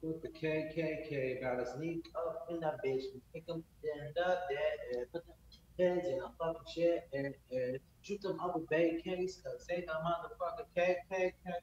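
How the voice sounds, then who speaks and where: A man's voice: on the high side, fairly even intonation, normal speed, a little mellow, roomy sound, highs cut off, slight background noise. A man goofing around on a casual livestream, joking crudely, laughing, and rapping off the cuff. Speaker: livestream host.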